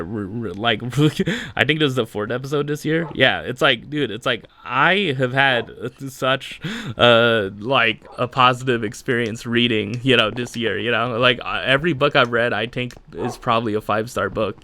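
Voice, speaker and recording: A man's voice: medium pitch, sharp tone. A man hosting a podcast, talking casually on his own and rambling with lots of fillers and laughs. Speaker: podcast host. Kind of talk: casual solo chat.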